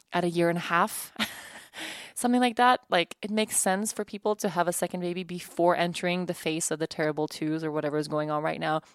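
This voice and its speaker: With a smooth voice on the low side, a woman in her thirties chats casually and candidly on her home podcast, laughing a lot and restarting sentences. There is no echo, and the audio has clean studio sound.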